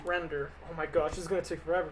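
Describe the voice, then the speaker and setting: Over background noise, a young man speaks rapid-fire on the high side with little pitch movement. Streaming live as an animator, he answers viewer questions in a casual, offhand, rambling and joking style.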